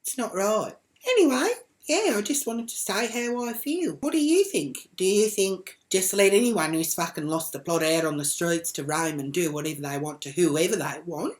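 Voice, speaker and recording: A woman ranting to camera in a brash, foul-mouthed comic character. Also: deep voice. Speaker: comedy vlogger in character.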